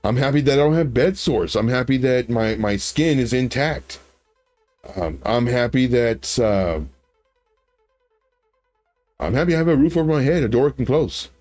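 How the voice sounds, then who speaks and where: Male streamer, chatty storyteller, mid pitch, faint music underneath. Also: animated, normal speed, pauses often, a little mellow. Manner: rambling, storytelling, many restarts. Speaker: livestream host. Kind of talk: casual livestream chat.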